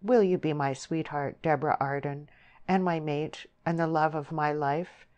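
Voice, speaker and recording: A woman's voice: low-pitched, fairly even intonation, moderate pace, darkish tone, lightly acted. A woman voicing an eager, impatient young man who speaks insistently and passionately.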